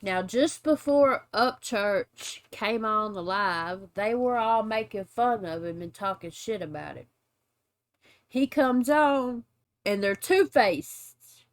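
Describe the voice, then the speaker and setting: A woman talks over drama clips, unhurried and clearly irritated, her voice sitting right at the microphone in a dry, deadened space. She has a middle-range voice and a measured commentator's delivery. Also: medium pitch, lively intonation, dry recording. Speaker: YouTube commentary host.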